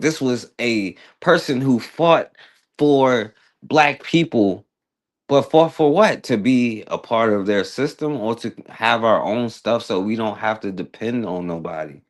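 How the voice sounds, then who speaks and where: A man hosting a talk radio show, giving blunt, emphatic commentary with a sarcastic edge. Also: fairly low pitch.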